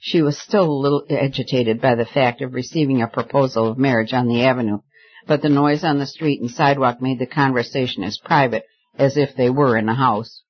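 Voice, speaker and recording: A man narrating a novel in a steady, even reading voice. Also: medium pitch, a little fast, husky. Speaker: audiobook narrator. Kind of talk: scripted narration. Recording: slightly dull lo-fi recording.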